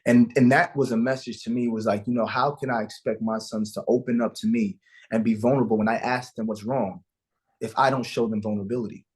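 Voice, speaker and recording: A man with a slightly husky, breathy voice talks as an interview guest. He tells a personal story in an earnest, emotional way and acts out the lines of the people in it. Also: medium pitch, steady tone, a little fast. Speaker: guest, father of sons.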